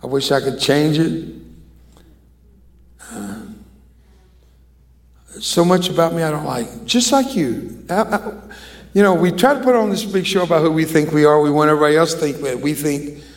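An older man preaching a sermon as an evangelist. His voice sits a little high for a man. He preaches emphatically and draws the congregation into call-and-response. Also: normal speed, long pauses.

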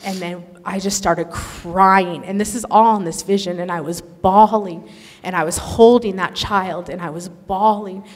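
A woman's voice: fairly low pitch, a little slow. Earnest woman telling a testimony, echoey hall. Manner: earnest, animated storytelling. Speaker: speaker sharing a testimony. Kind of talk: emotional testimony to a congregation.

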